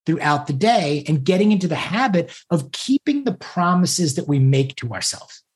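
A man's voice: fairly high pitch, very animated, normal speed. A man co-hosting a podcast, talking through goals in a casual conversation, enthusiastic and fond of repeating key phrases. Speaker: podcast co-host.

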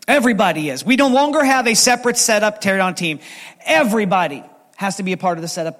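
A man delivers a sermon as lead pastor, his voice high for a man. He tells stories with animated energy. The sound carries a long reverb, as in a church hall. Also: fast talker. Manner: animated, storytelling with acted quotes.

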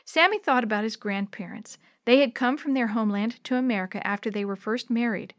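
A woman narrating a children's book chapter with clear, expressive storytelling. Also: on the high side, fairly quick, no room sound, clean studio sound.

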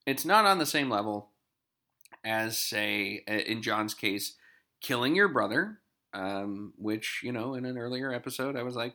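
Bright-voiced man recapping casually. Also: medium pitch, expressive, measured pace. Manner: chatty, digressive, wry asides. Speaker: TV episode recapper.

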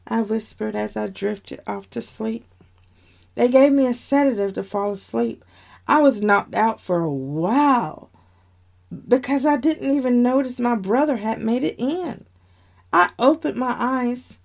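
A woman's voice: a little high, a little slow, gravelly. A woman narrating a dramatic story in the first person, with heartfelt emotion.

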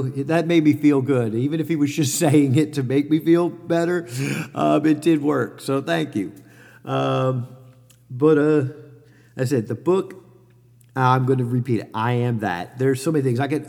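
A man's voice: medium pitch, creaky, a little mellow. Middle-aged man musing candidly, reverberant. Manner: rambling, candid, many fillers and self-corrections. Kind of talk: reflective personal monologue.

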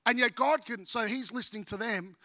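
A middle-aged Australian man, a pastor preaching a sermon with humorous, animated storytelling. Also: very high voice, a little fast, no echo.

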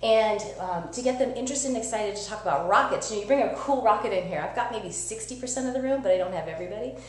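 A woman science educator giving a lively live-streamed teaching demo, chatty and upbeat, often checking in with "right?". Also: medium pitch, quick pace. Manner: energetic, chatty, asks listeners "right?". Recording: echoey room with faint hum.

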